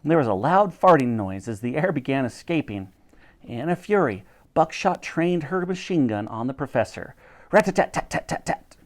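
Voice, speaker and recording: Animated storytelling man. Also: mid-range voice, moderate pace, slight background noise. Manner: animated, dramatic. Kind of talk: reading a children's book aloud.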